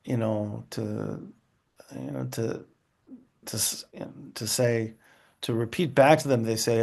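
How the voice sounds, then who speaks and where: A man leads an online class over a video call, his voice carrying a gravelly edge. He explains in a loose, conversational way, reaching for examples and asides as he goes. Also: medium pitch, fairly even intonation, measured pace, darkish tone. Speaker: teacher.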